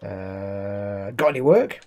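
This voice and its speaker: A man's voice: fairly low pitch, slow pace, a little mellow. A man casually commenting while streaming a video game, chatty and wry, reading chat messages aloud.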